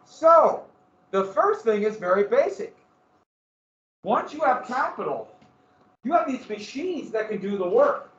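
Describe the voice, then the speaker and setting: A man's voice: very high-pitched, very animated, measured pace, long pauses, a bit bright. A male teacher giving a casual, joking class lecture that often wanders into personal stories. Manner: casual, joking, digressive storytelling. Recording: roomy, dull, from a distant mic.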